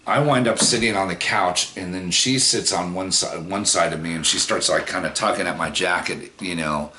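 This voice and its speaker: A man's voice: sits low, normal speed, sharp tone, a little hiss or hum. A man in his forties telling a personal story in a casual, rambling way, with plenty of swearing and fillers. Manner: rambling, profane, many fillers. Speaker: vlogger.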